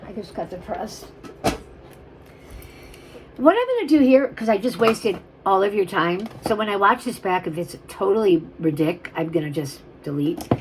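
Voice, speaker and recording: Woman jewelry seller, lower voice, chatty and tangent-prone, quite emotional. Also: slight background noise, rough recording. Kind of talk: rambling live sales chat.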